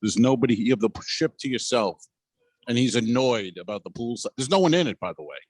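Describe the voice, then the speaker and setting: A man's voice: medium pitch, expressive, fast talker, a little mellow, breathy edge, dry recording. A man co-hosting a comedy podcast, rambling through a loose, profane story while out on a cruise ship's pool deck. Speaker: podcast co-host. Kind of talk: casual comedic chat.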